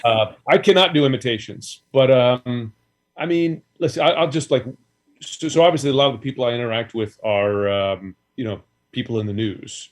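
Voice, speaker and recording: A man of ordinary pitch talking casually as a guest. He rambles a little, with quick asides and fillers, in a relaxed conversational tone. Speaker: guest, news anchor. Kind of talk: casual chat.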